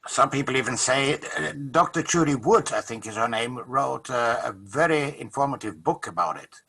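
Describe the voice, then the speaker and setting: Husky, bright-voiced man explaining. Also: mid-range voice, animated, normal speed. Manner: explanatory, lecturing. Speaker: co-host. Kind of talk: casual conversational chat.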